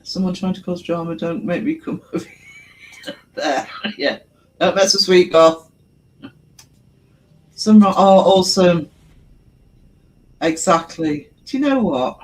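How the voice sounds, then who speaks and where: A man's voice: high voice, takes it slowly, long pauses, rough recording. A man hosting a livestream, chatting casually with viewers and laughing often. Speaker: livestream host. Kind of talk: casual livestream chat reading comments.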